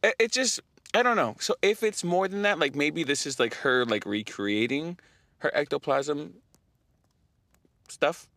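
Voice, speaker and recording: A young man hosting a podcast, telling a story in casual chat, animated, often laughing and using lots of fillers. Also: a little high, unhurried, no echo. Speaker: podcast host.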